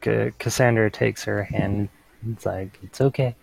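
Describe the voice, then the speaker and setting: A man playing a tabletop role-playing game, joking and speaking his character in quick asides. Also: on the low side, fairly even intonation, gravelly, darkish tone, husky, poor audio. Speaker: player. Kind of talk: casual tabletop play.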